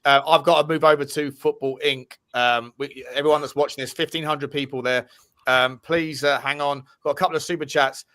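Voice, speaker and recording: Man hosting a fast, bright football stream. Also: on the high side, fairly even intonation. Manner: chatty, swearing, shouting out viewers. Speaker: host of a football fan live stream. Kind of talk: casual live-stream chat, reading out super chats.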